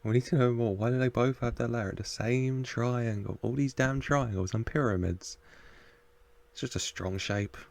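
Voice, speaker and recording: A reaction video host casually watches a TV episode, chatting, laughing and muttering asides at the screen. His mid-range voice moves at a moderate pace, with some vocal fry.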